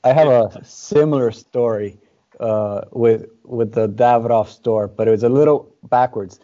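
Mellow young man, rambling anecdotes. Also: mid-range voice, unhurried. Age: young adult. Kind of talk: casual chat. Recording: dull lo-fi sound.

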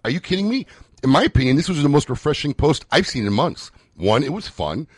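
Husky, animated male radio co-host. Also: medium pitch, fairly quick, no echo. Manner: chatty, animated, ranting. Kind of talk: casual radio banter.

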